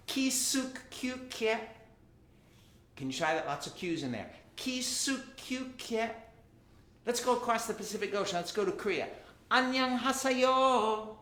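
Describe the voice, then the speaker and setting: A man's voice: a little high, a bit bright. A man hosting a live family concert from home, playfully coaxing children to repeat greetings after him. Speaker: children's singer and concert host. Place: at home in California. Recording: roomy sound with faint guitar.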